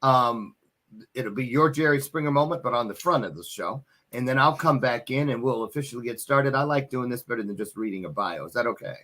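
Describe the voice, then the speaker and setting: A man's voice: medium pitch, expressive, a little fast, pushed and bright. A man hosting an interview show, chatty and joking, with frequent restarts and fillers. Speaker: podcast host. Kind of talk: casual interview chat.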